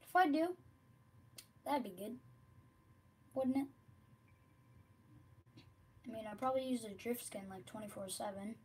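A woman giving casual, rambling commentary while streaming a video game, often dropping to quiet mutters. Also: fairly high pitch, unhurried, long pauses, slight background noise. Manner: chatty, rambling, drops to mutters.

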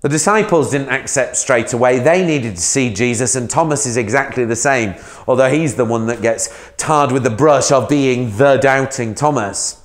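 A man's voice: mid-range voice, moderate pace, hardly any pauses. A man, a minister giving a sermon in a conversational way, asking the listener questions.

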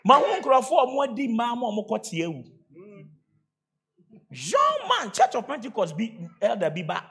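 A middle-aged man with a Ghanaian accent preaching a sermon, swinging from shouts to quiet storytelling and laughing as he goes. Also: very high-pitched, a little fast, gravelly. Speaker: pastor.

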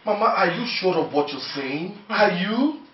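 An actor with a Nigerian accent playing a worried grown son, gentle and coaxing, repeating himself to calm his mother. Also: high-pitched, normal speed, recorded from a distance, background noise. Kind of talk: film acting. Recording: echoey and dull with loud music.

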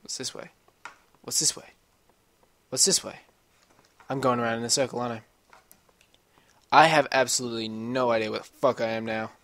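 A man's voice: mid-range voice, fairly even intonation, moderate pace, long pauses, fairly bright tone. Brief: male let's-player, swears a lot and rambles, grumbling at the game as he plays. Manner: profane, rambling, complaining to himself. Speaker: gamer playing a puzzle map. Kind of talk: let's-play commentary.

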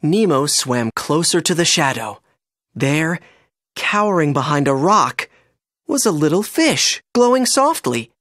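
A narrator reading a children's storybook aloud in an expressive, animated way. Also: medium pitch, unhurried, no echo, studio quality.

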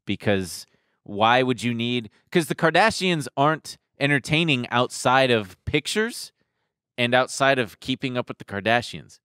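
A man's voice: mid-range voice, animated, unhurried, pushed and bright, clear, resonant tone, no room sound, clean studio sound. A man co-hosting a podcast in casual, joking chat, often trailing off with fillers. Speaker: podcast co-host.

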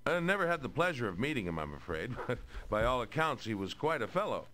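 A gentleman explorer in a game, genteel and upbeat, animated pitch, faint hum. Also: fast talker. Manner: polite, genteel 1930s storyteller. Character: male explorer and collector, cheerful and well-mannered.

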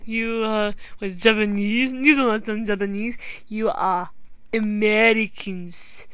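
A woman's voice: medium pitch, steady tone, slow pace, a bit bright, clear, resonant tone, no echo. A woman voicing a pompous scheming villain, a talking ruler toy, in a put-on French accent for a homemade puppet show. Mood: haughty. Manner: stiff, haughty, declaring.

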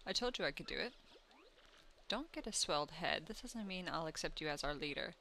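A woman's voice: sits low, lively intonation, a little fast, pushed and bright, a little hiss or hum, exaggerated voice, low-quality recording. Woman doing a haughty stubborn puni rival. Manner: haughty, dismissive.

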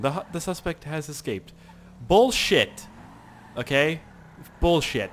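A young man giving casual, excitable gameplay commentary, swearing and laughing as he plays. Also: fairly high pitch, normal speed, pauses often. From Canada. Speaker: gaming YouTuber.

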